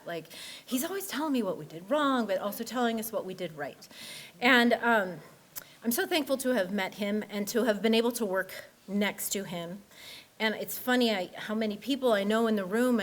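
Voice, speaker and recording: A woman math teacher telling lively, laughing anecdotes in a memorial tribute. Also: mid-range voice.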